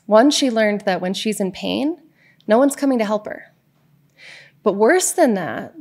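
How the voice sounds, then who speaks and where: A middle-aged woman coach talks earnestly to the viewer in a mid-pitched voice with a gravelly, creaky edge. She tells a story with a steady, reflective flow and keeps checking in with the listener. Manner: earnest, storytelling, frequent "right?" check-ins. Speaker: divorce coach. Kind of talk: reflective monologue to camera.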